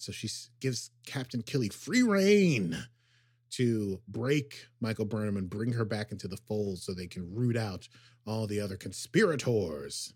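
A man co-hosting a podcast, casually recapping an episode with lots of fillers and quick acted quotes. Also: on the low side, animated, darkish tone, husky, no room sound, studio quality. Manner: rambling, filler-heavy summarizing with acted quotes. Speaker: podcast co-host.

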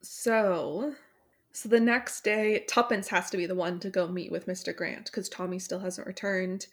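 A woman's voice: medium pitch, fairly even intonation, measured pace. A woman casually recapping a mystery novel's plot, with many fillers and short acted-out quotes. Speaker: book club podcast host summarizing the plot.

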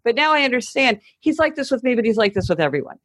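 A woman's voice: a little high, big pitch swings, quick pace, dry recording. Emphatic middle-aged woman in a dry studio. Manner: emphatic, acts out quoted voices while explaining. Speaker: author and podcast guest. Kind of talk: casual interview conversation.

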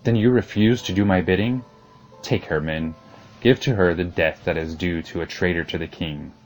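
A man's voice: deep voice, moderate pace, soft background music, lightly acted. A man voicing a stern, commanding old king in a storybook reading. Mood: furious.

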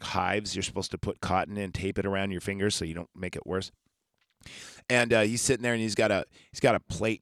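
Guy rambling thru a movie recap, swears a lot, lowish voice, dry sound. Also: no echo. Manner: rambling, profane and jokey. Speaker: podcast host.

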